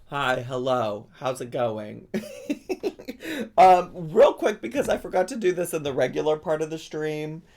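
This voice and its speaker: Animated, giggly male streamer. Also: a little high, measured pace, gravelly. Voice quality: playful, squealing and giggly. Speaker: streamer host. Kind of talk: casual live-stream chat.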